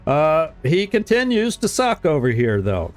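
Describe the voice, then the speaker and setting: A man's voice: fairly high pitch, wildly swooping pitch, unhurried, soft background music. A man streaming a strategy game, talking casually to his viewers, often chuckling and repeating words as he thinks aloud. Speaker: gaming streamer. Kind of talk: casual let's-play commentary.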